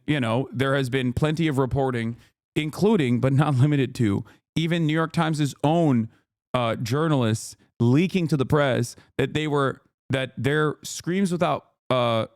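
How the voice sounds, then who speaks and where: A man's voice: mid-range voice, clean tone, dry recording, clean studio sound. A man streaming live, commenting on clips in a blunt, sarcastic way and swearing freely. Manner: sarcastic, mocks feigned anger. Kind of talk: livestream commentary.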